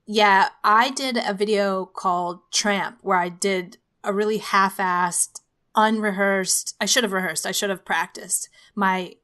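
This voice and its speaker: A woman's voice: medium pitch, steady tone, unhurried, sharp tone. A woman hosting a podcast, chatty and laughing easily as she asks her guest questions. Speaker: podcast host. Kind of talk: casual podcast conversation.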